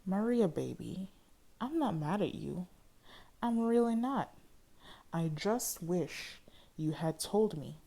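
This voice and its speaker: A woman reading as a low, slow apologetic man. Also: lively intonation, gravelly, full character voice. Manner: soft, pleading delivery. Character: adult man, apologetic and tender lover.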